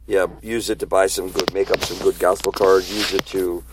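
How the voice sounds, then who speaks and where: A man's voice: deep voice, level tone, normal speed, noisy background. A man who street-preaches, talking earnestly and plainly about faith and reading scripture aloud. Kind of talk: casual faith talk.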